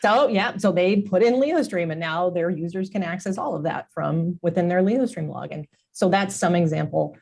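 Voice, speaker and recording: A woman's voice: fairly low pitch, moderate pace, vocal fry, few pauses, a little mellow. A woman executive, a guest in a tech business interview, explaining her company's approach fluently.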